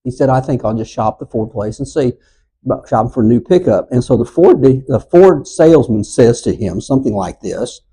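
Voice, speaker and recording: A man in his sixties teaching a church Bible class, telling stories and getting loud and animated when he acts out quotes. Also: mid-range voice, brisk, husky, poor audio. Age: 60s.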